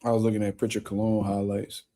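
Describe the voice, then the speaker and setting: A man's voice: on the low side, completely flat delivery, quick pace, warm tone. A young man hosting a casual livestream, reading viewer comments and chatting in a loose, profane way with frequent laughter. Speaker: boxing livestream host. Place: home room.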